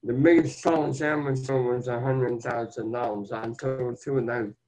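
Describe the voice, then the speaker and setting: A man's voice: medium pitch, steady tone, normal speed, a little mellow. An older man telling his life story as an interview guest, in an earnest, plain-spoken and folksy way. The recording sounds dull and lo-fi. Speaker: guest, motivational speaker.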